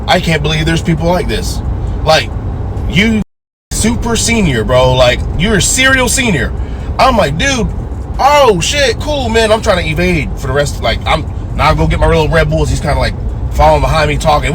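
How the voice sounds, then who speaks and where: Animated man in his twenties, high voice. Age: 20s. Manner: animated, acts out quoted voices. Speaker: storyteller. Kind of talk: casual profane storytelling. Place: in a car. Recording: noisy car with traffic outside. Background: vehicle and street noise.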